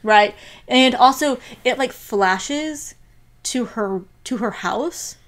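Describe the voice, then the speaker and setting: A young woman co-hosting a casual podcast, retelling an anime episode in an animated way and saying "like" a lot. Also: on the high side, slow. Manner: animated storyteller, heavy use of "like", acts out quotes. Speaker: podcast co-host.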